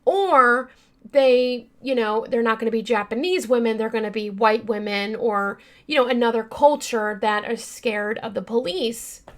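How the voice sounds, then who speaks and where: Woman, podcast host, higher pitch, casual true-crime storytelling, chatty, lots of "you know", occasional yawns. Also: unhurried, a bit bright. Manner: chatty, many fillers, addresses listeners as you guys; earnest and upset by the case. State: yawning now and then.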